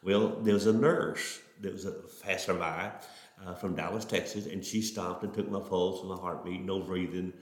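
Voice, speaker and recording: A middle-aged man tells his testimony as a preacher. His voice sits on the low side and he speaks in a folksy, earnest way, stumbling over his starts. The sound carries a roomy echo. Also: fairly even intonation, normal speed. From Oklahoma. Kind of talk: testimony storytelling.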